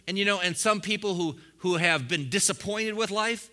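A man preaching a sermon to a congregation, swinging from quiet asides to loud, fiery bursts with frequent chuckles. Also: high-pitched, moderate pace, hardly any pauses. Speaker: pastor.

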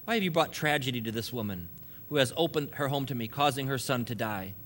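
A man voicing an old prophet who speaks gently and prays in a hushed, solemn way. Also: medium pitch, animated, fast talker, a little hiss or hum, voice pushed down, close to an everyday voice. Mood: gentle.

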